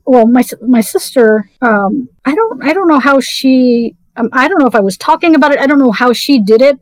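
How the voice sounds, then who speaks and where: Halting middle-aged woman telling her story. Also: sits high, a little mellow, no room sound, rough recording. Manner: halting, many restarts and fillers. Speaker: interview guest. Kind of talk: personal story in conversation.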